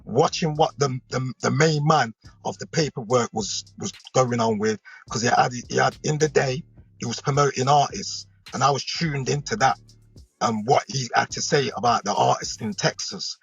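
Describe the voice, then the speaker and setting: A man's voice: medium pitch, normal speed, gravelly, slightly rough. A British man, a hip hop artist, telling rambling stories in a casual interview and often checking in with the listener. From United Kingdom. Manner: rambling, animated storyteller who checks in with the listener. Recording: lo-fi recording with faint music behind.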